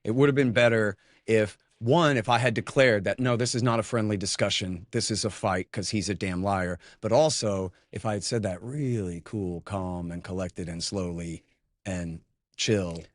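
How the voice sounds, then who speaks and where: A man's voice: on the low side, moderate pace, no room sound, clean studio sound. A man as an interview guest talking in a blunt, rambling, cranky way, full of fillers and restarts, tired from little sleep. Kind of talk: casual conversation.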